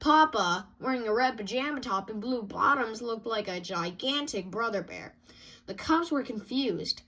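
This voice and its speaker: A woman reading a children's picture book aloud in an expressive way. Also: on the high side, moderate pace. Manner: expressive, sound-effect dings between pages. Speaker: storybook reader.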